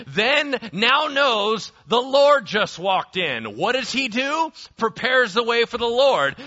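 A male pastor preaching with a high, very bright voice. He tells the story in an animated way, dropping to hushed asides and rising to shouts. The recording is dull and lo-fi. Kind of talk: sermon.

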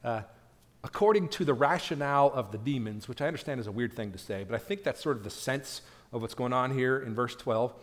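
A man preaching a sermon as pastor, animated, acting out the quoted pleas with a raised voice. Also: medium pitch, brisk. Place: church sanctuary. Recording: long church reverb.

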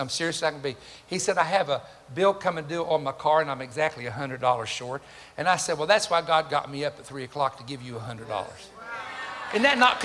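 Animated older pastor, bright voice. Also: male voice, high-pitched. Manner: animated, acts out quoted voices, jokes with the congregation. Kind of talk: sermon with storytelling. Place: church sanctuary. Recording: reverberant hall with faint ambient noise.

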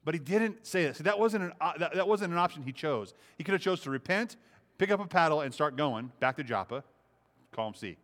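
A man's voice: a little high, animated, brisk, a bit bright. A man preaching a sermon, impassioned, repeating phrases and acting out the speech he quotes. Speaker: pastor.

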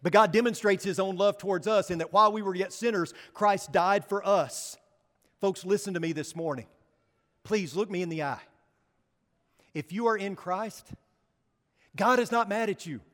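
A man with a high, ringing voice delivers a sermon from the pulpit. He speaks earnestly and then presses hard with urgent appeals. A long hall reverb trails his words. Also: moderate pace, a bit bright. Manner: earnest, rising to emphatic exhortation. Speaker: pastor. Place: church sanctuary.

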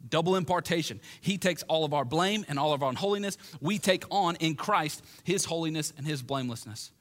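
A man's voice: a little high, animated, fairly quick, fairly bright tone. A pastor delivering a conversational sermon in a church that meets in a gym, often restarting and repeating his phrases. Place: gym used as a church hall.

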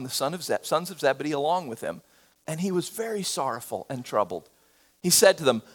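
A male pastor delivering a sermon in a high, expressive voice. His pitch jumps widely, and he moves between loud, emphatic preaching and quiet, nearly whispered moments. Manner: animated preaching, swings between loud bursts and hushed near-whispers.

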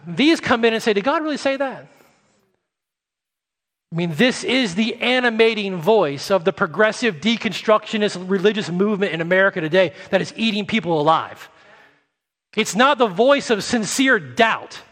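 A pastor preaches with animated, earnest pleading, his voice pitched high for a man. To drive a point home he often slows and turns softer and quieter. A long reverb makes it sound like he is filling a church sanctuary.

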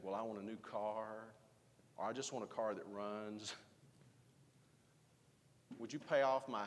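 A man preaching a sermon as pastor, swinging from emphatic rising lines to quiet, hushed asides. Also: mid-range voice, in a large hall.

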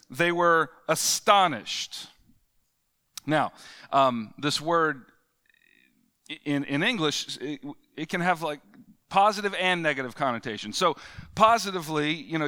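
A man's voice: on the high side, sharp tone, clear, resonant tone. A man preaching a conversational sermon, reading scripture and explaining it with casual fillers and restarts. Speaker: pastor.

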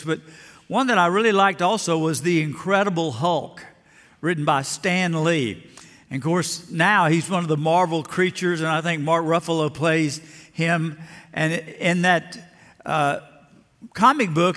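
A man's voice: on the high side, a bit bright. An older man who grew up in Alabama, preaching a sermon in a folksy storytelling way and acting out the voices in his stories. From Lower Alabama. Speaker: pastor. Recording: long hall reverb.

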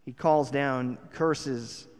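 A man's voice: medium pitch, fairly even intonation, very slow. A man preaching a sermon, telling the story earnestly and rising to emphatic points. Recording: long hall reverb.

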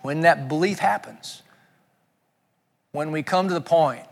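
A man's voice: fairly high pitch, a little slow, gravelly. Earnest man preaching in a reverberant hall. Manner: earnest, repeats words while searching for phrasing. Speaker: guest preacher. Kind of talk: sermon.

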